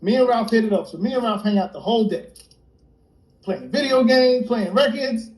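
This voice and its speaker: A fairly high-voiced man from New York tells a story as an interview guest, animated and lively, acting out each friend's lines in turn. His tone is mellow and warm. The sound is roomy, like a livestream from an echoey room. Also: moderate pace. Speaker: interview guest, rapper and producer. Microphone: phone or computer on a livestream.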